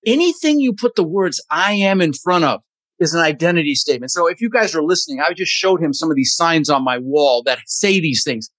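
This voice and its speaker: A man's voice: fairly high pitch, animated, fairly quick, a bit bright, no room sound. A man talking as an interview guest, emphatic and motivational, blunt and a little profane. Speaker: podcast guest, real estate investor. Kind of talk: energetic interview talk.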